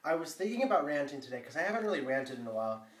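A teenage boy vlogging a casual rant, rambling and filling every pause with "like" and "um". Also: on the high side, very animated. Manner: rambling, full of "like" and "um". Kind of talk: casual ranting vlog. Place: bathroom floor. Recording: echoey bathroom, mic at a distance.

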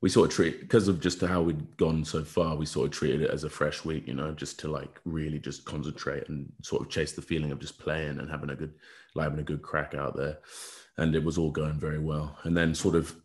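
Young rugby guy on a podcast, super low voice, rambles with lots of sort-of's. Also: flat delivery, fairly quick. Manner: rambling, full of fillers like "sort of". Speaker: podcast guest, rugby player. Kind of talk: casual podcast chat.

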